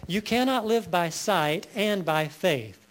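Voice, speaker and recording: A male pastor preaching a sermon, reading scripture slowly and building to emphatic peaks. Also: sits high, lively intonation, fairly bright tone.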